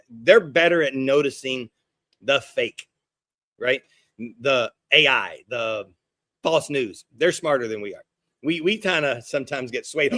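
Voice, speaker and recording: A middle-aged pastor preaching a sermon, animated and conversational, slipping into quoted voices with gasps and hushed asides. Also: male voice, medium pitch, no echo, studio quality.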